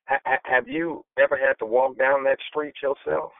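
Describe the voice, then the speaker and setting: A man's voice: mid-range voice, little pitch movement, normal speed, gravelly, few pauses, no echo. A man preaching a sermon to listeners on a call, in a rhythmic, repetitive cadence with stammered restarts. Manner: calls out to listeners on the line. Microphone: phone. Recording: tinny phone line, dry.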